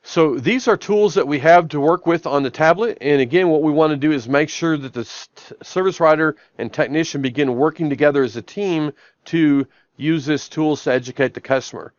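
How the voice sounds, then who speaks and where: Speaking a little fast in a high-ish voice, a man trains viewers on a shop tablet app during a live-stream demo from his office. He talks through every action step by step, starting each with "I'm gonna," and the sound is lo-fi with no room sound.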